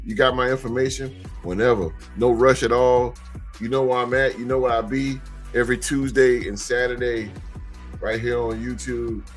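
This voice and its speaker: A man hosting a sports podcast live, chatting casually with his live chat in a relaxed, repetitive way, speaking. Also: medium pitch. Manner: laid-back, repeats phrases, shouts out chat members.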